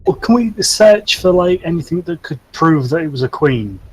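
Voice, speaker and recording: A man's voice: a little high, lively intonation, moderate pace, husky, low-quality recording. A man playing in a tabletop game, chatting casually and wryly proposing actions. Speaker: player.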